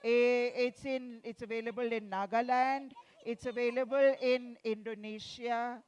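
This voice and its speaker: A woman guides a group of children through a storytelling session, speaking slowly and deliberately. Her voice sits a little high, and she coaxes answers from the kids with playful prompts. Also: steady tone, darkish tone, clean tone, highs cut off. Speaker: children's author at a festival session. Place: festival venue.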